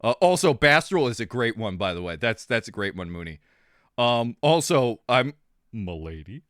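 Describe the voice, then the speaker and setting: Male streamer, rambling and animated, bright voice, coughing at times. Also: medium pitch, moderate pace, dry recording, clean studio sound. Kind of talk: casual stream chat.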